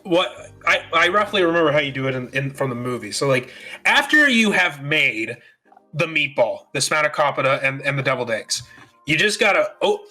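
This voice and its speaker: A man's voice: fairly high pitch, sing-song, normal speed, pushed and bright, faint music behind. A man co-hosting a podcast in casual chat, rambling with fillers and the odd swear word. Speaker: podcast co-host.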